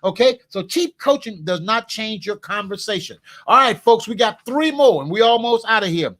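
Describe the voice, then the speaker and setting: A man's voice: sits high, animated, moderate pace, bright, forceful tone. A man giving a motivational coaching talk with an emphatic, repetitive, preacher-like cadence, talking now and then to a helper in the room. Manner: talks to a live helper during the talk. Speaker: business coach.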